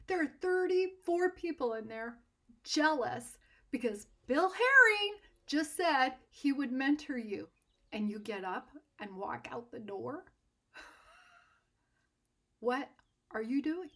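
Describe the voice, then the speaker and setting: A man's voice: very high-pitched, steady tone, extremely slow, pauses often, warm tone, heavily acted. A woman voicing an exasperated male fellow artist who scolds in disbelief. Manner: scolding, incredulous.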